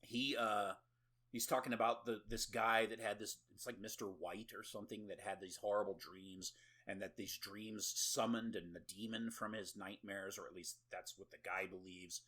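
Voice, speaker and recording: A man's voice: fairly low pitch, a bit bright. A man co-hosting a horror movie podcast, recapping a film in a casual, sarcastic way with swearing and laughing asides. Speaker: podcast co-host.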